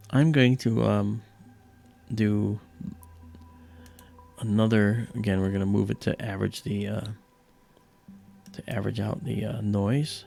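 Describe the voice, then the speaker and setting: A man's voice: fairly low pitch, gravelly, darkish tone. A middle-aged man hosting an astronomy livestream, chatting casually and rambling with lots of "you know".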